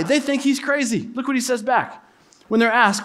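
A man's voice: high-pitched, expressive, moderate pace, fairly bright tone. A young adult man preaching a sermon as pastor, earnest and direct, with playful asides.

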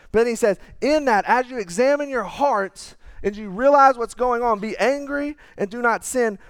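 Earnest high-voiced pastor, preaching. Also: male voice, smooth, no room sound, clean studio sound. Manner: conversational, earnest, drops to quiet asides. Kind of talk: sermon.

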